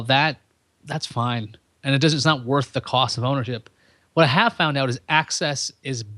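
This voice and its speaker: A man's voice: mid-range voice, bright, forceful tone, no room sound, studio quality. A man hosting his own podcast, talking in a rambling, self-deprecating stream of consciousness. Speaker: podcast host. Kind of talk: solo podcast monologue.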